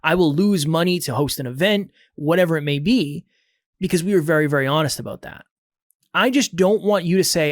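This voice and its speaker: A man hosts his podcast and coaches listeners in a direct, motivational way, repeating his main points to drive them home. His voice sits a little high for a man, and the sound is dry and close. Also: brisk, no room sound. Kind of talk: solo podcast advice talk.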